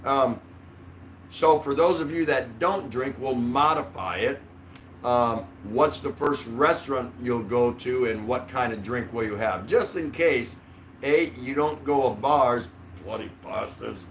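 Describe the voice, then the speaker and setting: A man's voice: mid-range voice, unhurried, fairly bright tone. A middle-aged man hosting a casual livestream chat from his couch, rambling with lots of fillers and frequent laughs. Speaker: vlogger host. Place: home, on the couch. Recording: distant mic with faint room noise.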